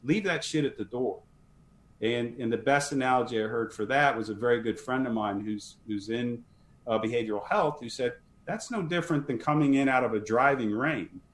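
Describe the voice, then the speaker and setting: A man's voice: mid-range voice, fairly quick. A man guest on a podcast interview, talking earnestly and emphatically, often repeating words as he starts a sentence. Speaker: fire service leadership trainer, guest.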